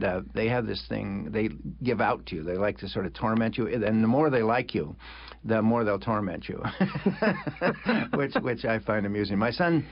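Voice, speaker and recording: A man's voice: lowish voice, creaky. An older American man, an author in a conversational interview, talking reflectively with frequent restarts and chuckles. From United States. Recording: dull lo-fi sound.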